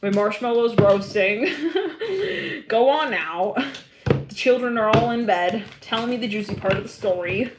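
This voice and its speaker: A woman's voice: fairly high pitch, animated, a little slow, reverberant. A woman voicing an eager friend coaxing out the juicy part of a story, in a noisy home recording. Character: eager gossiping woman at a campfire.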